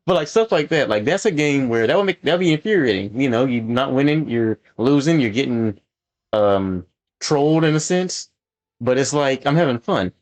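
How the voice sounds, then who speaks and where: A gaming channel host chats casually as he plays, giving rambling gameplay commentary full of ums and likes. His voice sits at an ordinary middle pitch and moves at a moderate pace, and he gets louder and more animated whenever something annoys him.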